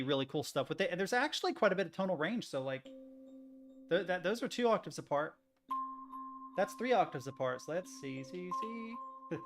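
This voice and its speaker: A man streaming, chatting casually in a rambling, self-interrupting way while he makes music on a computer, swearing now and then. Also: on the high side.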